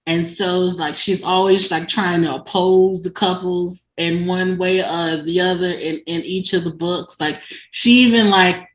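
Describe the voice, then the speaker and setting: A woman's voice: on the low side, steady tone, unhurried. A woman chatting casually about a romance book, telling the story with lots of fillers and laughing asides. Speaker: book reviewer. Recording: echoey room.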